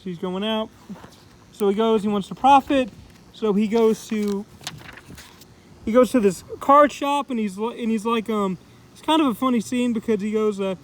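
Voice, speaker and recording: A man's voice: sits high, moderate pace, pauses often, rough recording. A man giving a casual spoken comic book review, rambling with lots of fillers as he loosely paraphrases the characters.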